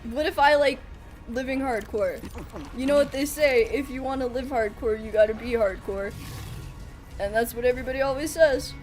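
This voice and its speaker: A young woman streams a survival game, giving live commentary as she jokes, laughs often, and talks to both her chat and the game, with sudden alarmed outbursts. Her high voice has a darkish tone at normal speed, with soft music in the background.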